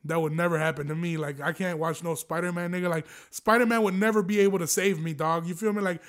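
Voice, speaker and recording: High-voiced young man, rambling and profane. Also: steady tone, fast talker. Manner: rambling, profane, laughing storyteller. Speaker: podcast host. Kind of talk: casual solo monologue.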